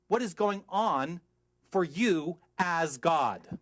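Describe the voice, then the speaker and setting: Middle-aged male minister, lively sermon delivery, slightly higher pitch, asks the room questions. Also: takes it slowly. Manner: animated, emphatic, asks the congregation questions, goes off on tangents.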